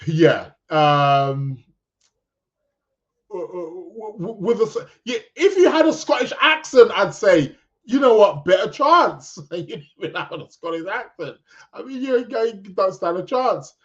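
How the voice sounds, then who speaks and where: A man's voice: sits high, lively intonation, unhurried. Rambling man on a dull lo-fi podcast. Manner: rambling, chuckling, lots of fillers and restarts. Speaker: podcast host. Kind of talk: casual astrology podcast chat.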